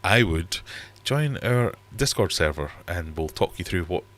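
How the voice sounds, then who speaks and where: This Geordie livestream host has a deep, animated voice with a slightly bright tone, and his pace runs a little slow. He chats casually from his home fish room, rambling on and reading comments from viewers aloud.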